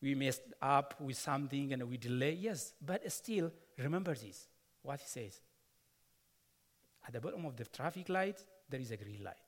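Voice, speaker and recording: A man's voice: medium pitch, lively intonation, moderate pace. A man preaching a sermon, telling a personal story earnestly, repeating words and adding asides. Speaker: pastor. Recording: long hall reverb.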